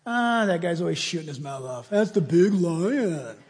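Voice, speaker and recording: A man's voice: fairly high pitch, expressive, moderate pace, darkish tone, slightly rough, voice pushed down. A man voicing an unbothered mother zebra who brushes off a danger. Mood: dismissive. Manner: offhand, dismissive. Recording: long reverb of a large hall.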